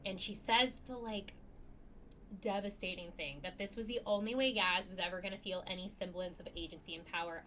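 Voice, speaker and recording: Bright-voiced chatty woman recapping TV. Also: mid-range voice, steady tone, a little fast, slight background noise. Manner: chatty, heavy on fillers, acts out quotes. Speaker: podcast co-host. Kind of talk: casual TV recap chat.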